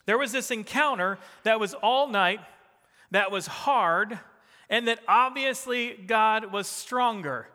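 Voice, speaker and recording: A middle-aged man with a New Jersey accent preaching a sermon, swinging between emphatic rising bursts and soft, quiet drops. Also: sits high, slow, in a large hall. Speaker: pastor.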